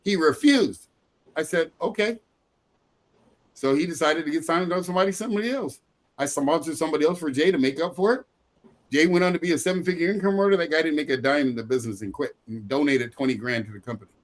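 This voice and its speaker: A man's voice: a little high, fast. A middle-aged man giving a motivational sales training talk, emphatic and repetitive, often breaking into laughter.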